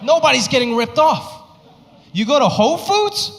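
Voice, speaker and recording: A young man from Hong Kong performs stand-up with a high voice that jumps all over its range, spinning animated stories. It is recorded live on stage, with a long hall reverb around his voice. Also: normal speed, noisy background. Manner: animated storytelling, flips into his family's voices. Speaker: stand-up comedian. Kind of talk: stand-up comedy set. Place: live comedy stage before an audience.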